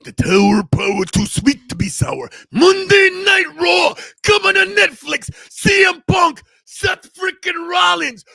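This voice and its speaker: A man putting on the voice of a wild, shouting wrestling promo hype man, raspy and full of drawn-out catchphrases. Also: extremely high pitch, expressive, no echo, voice pushed up, heavily acted. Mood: hyped shouting.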